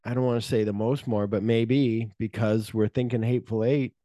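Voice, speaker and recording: Swearing, animated podcast guy. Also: fairly low pitch, normal speed, no room sound, clean studio sound. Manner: animated, acts out scenes with swearing. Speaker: podcast co-host. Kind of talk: casual movie chat.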